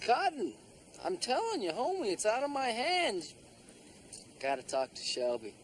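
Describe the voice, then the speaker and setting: A man's voice: extremely high pitch, huge pitch swings, unhurried, a little hiss or hum, exaggerated voice. An actor playing an easygoing male detective who is friendly but firm, in a TV drama. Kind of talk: TV drama acting.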